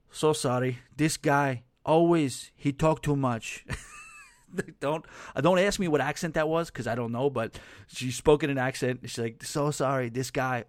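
A man's voice: mid-range voice, dry recording, clean studio sound. A man hosting a podcast, telling stories in a chatty, rambling way with lots of fillers and chuckles. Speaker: podcast host. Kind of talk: casual podcast storytelling.

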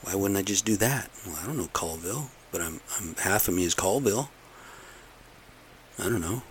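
A man's voice: deep voice, expressive, normal speed, a little hiss or hum. A middle-aged man in a casual, rambling monologue, blunt and aggrieved, repeating himself as he rants. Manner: aggrieved, blunt, repetitive ranting.

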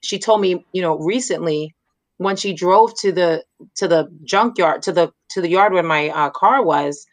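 Guest woman, low-pitched, dry close sound, earnest and reflective storyteller. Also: normal speed, no echo. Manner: reflective, earnest, frequent "like" fillers. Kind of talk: personal storytelling in conversation.

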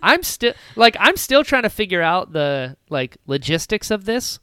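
Smooth-voiced woman podcaster recapping a film. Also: fairly low pitch, no echo, clean studio sound. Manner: animated retelling with quick character voices. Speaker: podcast host. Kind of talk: casual chat recapping a film.

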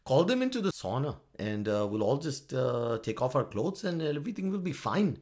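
A man's voice: medium pitch, very animated, moderate pace, darkish tone. Guy putting on a drunk carefree lady leader, fake finnish accent, lots of uhs. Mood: carefree tipsy. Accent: mock Finnish. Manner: hesitant, filler-laden. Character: tipsy woman head of state, carefree.

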